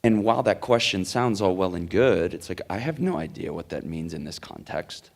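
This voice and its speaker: A man's voice: deep voice, expressive, normal speed, creaky. A man answering audience questions at a conference, earnest and rambling, with many fillers and restarts. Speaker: conference speaker. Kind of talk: Q&A answer, storytelling. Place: conference hall.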